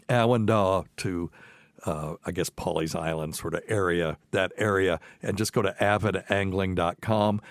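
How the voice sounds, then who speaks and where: Man, light Southern accent, very low pitch, dry recording, middle-aged, casual rambling podcast chat. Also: dry recording. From mountains of North Carolina. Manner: rambling, folksy, many fillers and restarts. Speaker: podcast host.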